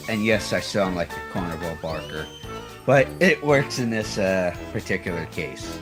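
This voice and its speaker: A man's voice: deep voice, lively intonation, normal speed, over music. A man hosting a podcast interview, introducing his guest with a showy carnival-barker delivery. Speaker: podcast host.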